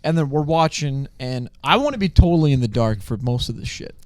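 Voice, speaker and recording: A man's voice: medium pitch, a little fast, no room sound. A man co-hosting a podcast in casual gaming chat, ranting with lots of swearing and laughing, recorded in person. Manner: profane, animated ranting with laughter. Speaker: podcast co-host.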